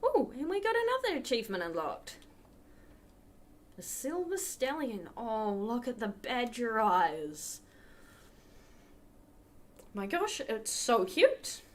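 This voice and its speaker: A woman's voice: a little high, very animated, slow pace, pauses often. Chatty woman streaming a game. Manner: chatty, talks to the chat while playing. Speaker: livestream host. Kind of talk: casual gameplay commentary.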